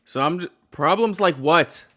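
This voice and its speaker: A man's voice: on the high side, a little slow, bright, forceful tone. A man giving heated reaction commentary on a video, blunt and slangy, swearing and repeating himself.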